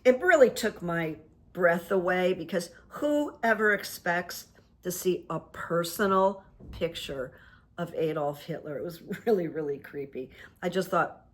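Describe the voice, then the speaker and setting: A woman hosts her own talk show, reading runes and telling stories from her past. She speaks slowly and a little low, wandering through her thoughts with frequent fillers and false starts. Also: a bit bright. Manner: meandering, with many fillers and restarts. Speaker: host and rune reader. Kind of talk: casual monologue.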